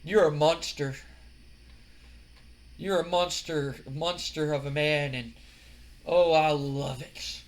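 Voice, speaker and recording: A man putting on the voice of a menacing, seductive male wrestler, speaking slowly and in a drawn-out, purring way. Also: on the high side, fairly even intonation. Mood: creepy seductive. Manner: slow, drawn-out, purring delivery.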